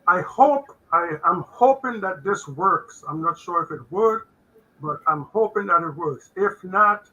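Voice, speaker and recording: An older man with a raspy, bright voice and a rather high pitch talks slowly. He halts often, with fillers and restarts, as he gives a faith-based money talk over a video call. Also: lively intonation, muffled recording. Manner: halting, many fillers and restarts. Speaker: guest accountant.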